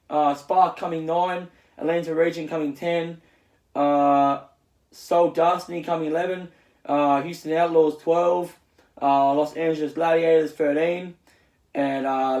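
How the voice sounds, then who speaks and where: A man with a slightly high voice hosts his own casual recap. He stumbles through it, full of fillers and restarts. The sound is echoey, as if recorded in a bare room. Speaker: channel host. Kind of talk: casual esports results recap.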